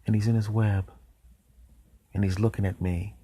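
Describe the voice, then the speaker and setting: A man hosting a podcast, telling absurd comic stories deadpan and dropping whispered asides. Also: lowish voice, moderate pace, slightly rough. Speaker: podcast host. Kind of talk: comic storytelling monologue.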